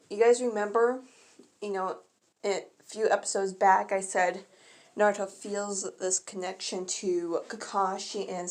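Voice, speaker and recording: A woman casually reading her own first-person fan story aloud. She often stumbles and corrects herself mid-sentence. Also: medium pitch.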